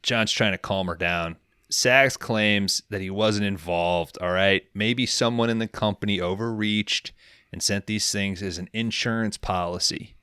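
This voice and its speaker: A young man co-hosting a podcast, recapping a film in casual, profane, rambling talk and slipping into quick character voices. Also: on the low side, bright, forceful tone, clean tone, dry recording, clean studio sound. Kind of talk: casual comedic movie recap.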